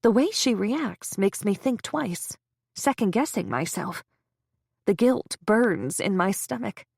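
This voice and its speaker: A woman reads a first-person story aloud in measured, tense narration. Her mid-pitched voice carries a gravelly fry, recorded dry and close. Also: expressive, darkish tone, no echo.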